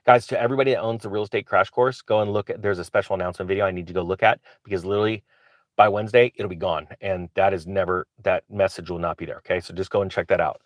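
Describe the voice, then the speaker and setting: A man hosting his own channel, talking casually to camera in an excitable, rambling way with frequent restarts. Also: sits low, rapid-fire, no room sound. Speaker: real estate investor and channel host.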